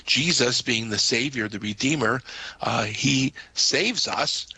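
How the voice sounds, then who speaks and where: A man's voice: mid-range voice, slow pace, gravelly, pushed and bright, slightly rough, low-quality recording. A man, a Catholic priest, patiently explaining doctrine to listeners on a call-in radio show, with frequent "uh" fillers.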